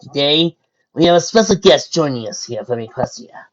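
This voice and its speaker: A reader voicing a warm, motherly female horse ruler who speaks heartily and gently teases, in a muffled lo-fi recording. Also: mid-range voice, big pitch swings, moderate pace, voice pushed up, lightly acted. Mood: formal welcome.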